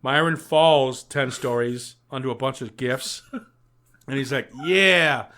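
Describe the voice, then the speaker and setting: A young American man on a podcast, loud and boisterous, retelling a film with swearing and mock exasperation. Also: medium pitch, steady tone, unhurried. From United States. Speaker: podcast co-host. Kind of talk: casual podcast chat.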